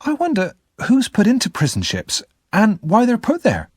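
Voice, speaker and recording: A man's voice: sits high, huge pitch swings, normal speed, darkish tone, slightly rough, no room sound, clean studio sound, voice pushed up, exaggerated voice. A man doing a timid young boy. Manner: timid, pleading.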